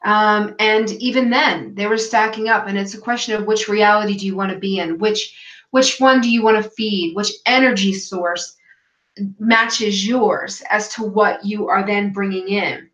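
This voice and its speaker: A woman guest in a casual interview, telling a personal story in an animated way and acting out what others said. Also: mid-range voice, moderate pace. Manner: animated storytelling, acts out quoted voices. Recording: echoey, dull lo-fi call audio.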